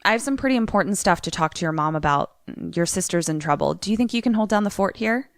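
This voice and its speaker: A woman quoting a calm, gentle priest. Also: mid-range voice, quick pace, no room sound, clean studio sound, lightly acted. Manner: soft and composed. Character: calm, gentle middle-aged male priest.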